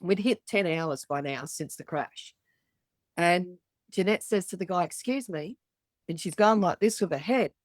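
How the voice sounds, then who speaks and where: A woman's voice: lowish voice, normal speed, no room sound. A middle-aged woman with an Australian accent, a podcast guest telling her story candidly and bluntly, swearing freely and acting out the voices of others.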